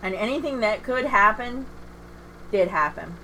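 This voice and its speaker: A woman's voice: medium pitch, animated, measured pace, sharp tone, a little hiss or hum. A middle-aged woman streaming a game from home, chatting candidly and self-deprecatingly with viewers and laughing often. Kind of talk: casual livestream chat.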